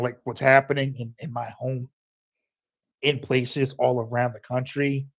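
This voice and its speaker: A man delivering a heated, profane political rant as a commentator, emphatic and angry throughout. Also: mid-range voice.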